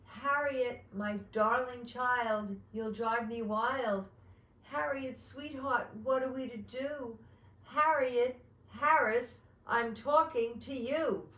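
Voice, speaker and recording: A storybook mother with a gentle, sing-song way of scolding, as a woman reads her aloud. She speaks slowly and sits a bit high. The sound carries a roomy echo. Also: recorded from a distance, lightly acted. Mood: exasperated. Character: patient mother of a pesky little girl.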